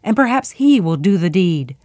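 A woman voicing a ruthless, commanding noble lady in a storybook reading, speaking in a forceful, growling manner. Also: lowish voice, very animated, normal speed, dry recording, studio quality. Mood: hushed.

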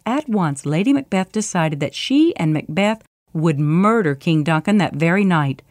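A woman narrating a storybook in a clear, steady reading voice. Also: fairly low pitch, normal speed, dry recording, clean studio sound.

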